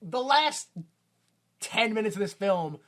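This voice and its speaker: A man's voice: high-pitched, expressive, slow, fairly bright tone. A man co-hosting a podcast, recapping a film in a rambling, casual way and laughing at his own retelling. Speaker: podcast co-host.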